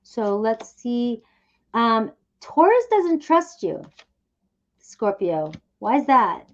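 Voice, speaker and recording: A woman's voice: a little high, sing-song, slow pace, dull audio. A woman doing a casual tarot reading, chatty and reassuring, often checking in with the listener. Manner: chatty, upbeat, reassuring, often asks "okay?". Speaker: tarot reader.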